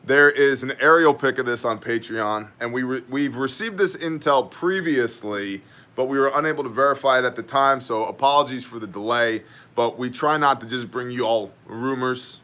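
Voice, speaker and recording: A man's voice: mid-range voice, moderate pace, pushed and bright. A man hosting a daily news brief in casual style, sardonic and joking as he reads chat comments aloud.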